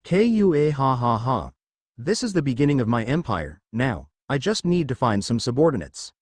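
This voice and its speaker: In a fan fiction reading, a man voices a boastful male storm dragon in slime form, booming with theatrical laughter and grandiose brags. His pitch swings widely and his pace is fairly quick. The studio-quality recording has no echo.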